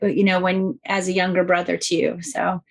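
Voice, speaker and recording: A woman's voice: lowish voice, little pitch movement, fairly quick, gravelly, rough recording. A woman hosting a podcast interview, affirming her guest and asking long, winding questions. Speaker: podcast host. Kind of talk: conversational interview.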